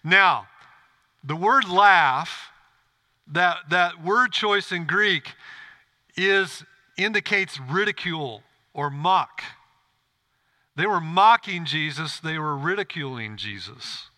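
Bright-voiced man preaching a sermon. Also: fairly high pitch, animated, slow pace, pauses often. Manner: earnest preaching with rhetorical questions to the congregation. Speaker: pastor. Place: church.

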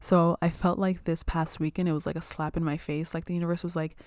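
A woman's voice: lowish voice, flat delivery, quick pace, a little mellow, no echo, clean studio sound. A young woman chatting casually about spirituality and self-care, full of "like" and "um" and casual swearing.

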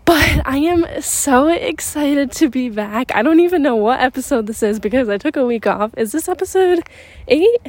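A young woman hosting a podcast, chatting excitedly while out on a walk, a little out of breath. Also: sits high, normal speed. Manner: bubbly, rambling, excitable. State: slightly out of breath. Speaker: podcast host. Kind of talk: casual chat. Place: outdoors on a walk in a neighborhood, windy.

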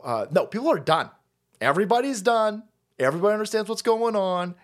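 A man ranting on a livestream, crude and mocking, whose voice leaps up and down in pitch as he flips between grumbling low and shouting high. He curses constantly and keeps dabbing at a bleeding nose. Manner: profane, mocking, loud swings into shouting. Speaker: streamer host.

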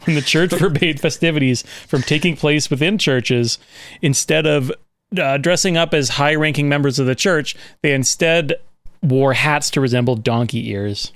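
A man's voice: fairly high pitch, normal speed, fairly bright tone, no echo. A man hosting a casual comedic podcast, laughing often as he presents and reads out quotes. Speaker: podcast host presenting slides.

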